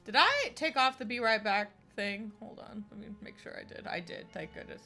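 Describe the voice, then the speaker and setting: A woman's voice: mid-range voice, lively intonation, normal speed, creaky, hardly any pauses, pushed and bright, faint music behind. A young woman streaming a video game, chatting casually and rambling with lots of fillers. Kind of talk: casual game livestream chat.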